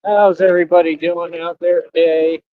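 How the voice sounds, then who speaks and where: Laid-back high-voiced man streaming. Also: little pitch movement, normal speed, phone-quality sound. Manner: laid-back, teasing, repeats phrases, laughs often. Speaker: livestream host. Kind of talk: casual livestream chat.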